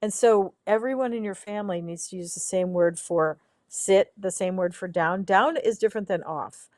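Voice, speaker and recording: A woman's voice: medium pitch, a little mellow, no room sound, studio quality. A woman co-hosting a casual talk show, explaining dog training in a practical, matter-of-fact way. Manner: practical, explanatory, quick to laugh. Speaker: co-host. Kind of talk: casual podcast chat.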